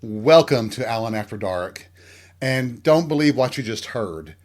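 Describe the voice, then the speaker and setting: A middle-aged man with a Southern accent hosting a casual podcast monologue at home while getting dressed, bawdy, rambling and self-mocking. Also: mid-range voice. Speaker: podcast host.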